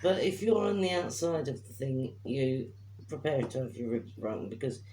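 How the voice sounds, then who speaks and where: A woman's voice: rumbling low, expressive, moderate pace, dark tone, slight background noise, low-quality recording. An older woman in casual chat, dry and matter-of-fact.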